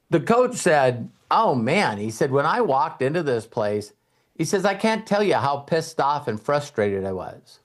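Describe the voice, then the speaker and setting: A middle-aged man hosting a motivational talk, telling stories and acting out quoted voices with some casual swearing. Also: medium pitch. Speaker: host and mentor.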